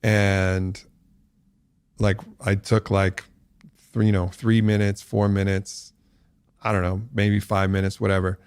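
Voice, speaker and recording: A man with a fairly low voice tells a story as a podcast guest, relaxed and reflective, often laughing as he goes. The sound is dry and close, with no room around it. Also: takes it slowly, pauses often, clear, resonant tone, no echo. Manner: laughs while telling stories; reflective, uses many fillers. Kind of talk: casual storytelling.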